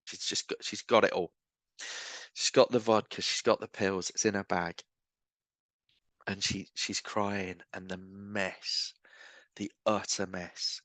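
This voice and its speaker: A man's voice: deep voice, level tone, takes it slowly, a bit bright, no room sound. A man, a street evangelist guest, telling stories earnestly and acting out the voices of people he quotes. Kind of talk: storytelling conversation.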